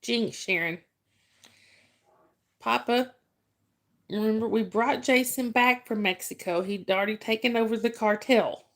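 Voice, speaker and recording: With a fairly high pitch and an unhurried pace marked by long pauses, this woman runs a casual livestream. She's talkative, laughs a lot, and says hello to viewers by name.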